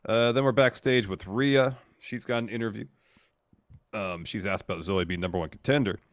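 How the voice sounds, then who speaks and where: A man with a deep, low voice recaps a wrestling match move by move in an easygoing podcast manner, filling pauses with frequent fillers. The recording is close and dry. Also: no echo. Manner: walks through matches step by step, filler-heavy. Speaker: podcast co-host. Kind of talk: casual play-by-play recap.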